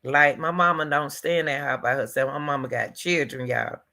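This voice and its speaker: A woman with a low-pitched voice, vocal fry and a sharp tone hosts her own commentary stream at normal speed. She discusses a news case casually but emphatically, repeating phrases and speaking straight to her viewers.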